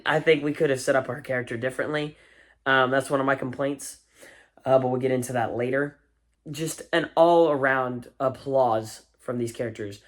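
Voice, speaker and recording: A man's voice: mid-range voice, a bit bright. Enthusiastic, rambling male film reviewer. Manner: enthusiastic, rambling with fillers and restarts. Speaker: movie reviewer. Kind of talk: casual spoken film review.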